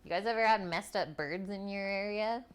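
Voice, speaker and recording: A woman's clear, resonant, mid-range voice moves at a moderate pace as she hosts a live cooking stream from her home kitchen. She chats with viewers, reading their comments aloud between steps.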